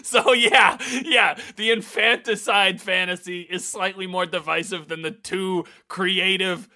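Man, comedy podcast investor bit, mock-outraged, slightly high voice, bright tone. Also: steady tone. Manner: quick, laughing, mock-outraged. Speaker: improv comedian playing a panel investor. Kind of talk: improvised comedy banter.

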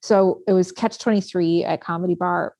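A woman's voice: lowish voice, steady tone, normal speed, mellow, dry recording. Chatty woman with dry close sound. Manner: chatty storyteller, many fillers. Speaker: guest. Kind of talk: casual podcast chat.

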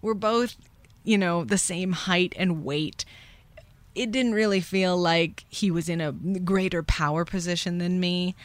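A young woman with a slightly low voice tells a personal story as a podcast host. She sounds candid and rueful. She slips into quick whispers and loud bursts when she acts out what people said. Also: no echo. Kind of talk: confessional storytelling.

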